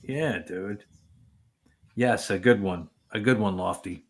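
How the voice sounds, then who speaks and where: Man, low voice, laid-back rambling stream chat, reads comments. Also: slow. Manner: easygoing, rambling. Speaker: livestream co-host. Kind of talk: casual chat reading viewer comments.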